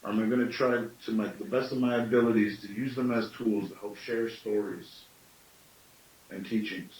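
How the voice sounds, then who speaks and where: A man's voice: on the low side, steady tone, normal speed, a little mellow, reverberant, distant mic, a little hiss or hum, rough recording. A man in his late thirties giving a thoughtful storytelling talk, often asking himself questions aloud. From Canada. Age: late 30s. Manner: thoughtful, with self-questioning asides. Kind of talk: reflective teaching talk.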